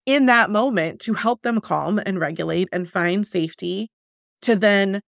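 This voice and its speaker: Gravelly-voiced woman podcast host. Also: mid-range voice, a little slow, dry recording, clean studio sound. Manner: reflective, chatty, lots of "like". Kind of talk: conversational podcast interview.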